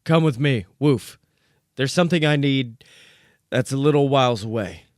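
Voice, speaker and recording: A man's voice: medium pitch, moderate pace, no room sound, clean studio sound, close to an everyday voice. A man voicing a small, hotheaded, foul-mouthed male corgi who barks between words. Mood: brash.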